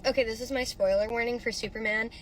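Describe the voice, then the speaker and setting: A woman's voice: fairly high pitch, fairly even intonation, quick pace, slight background noise, low-quality recording. A woman talking casually into her phone outside a theater, rambling, swearing and tearing up as she speaks. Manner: emotional, rambling, swearing, tearful. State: crying. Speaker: social media creator. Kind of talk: casual vlog reaction. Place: outdoors near a theater.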